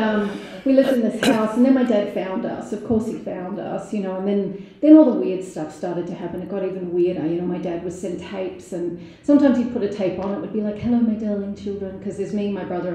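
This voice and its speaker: A woman's voice: medium pitch, warm tone. Candid woman in a very echoey hall. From Australia. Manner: candid, laughs often, many fillers. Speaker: AA meeting speaker. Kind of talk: personal recovery story. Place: meeting hall.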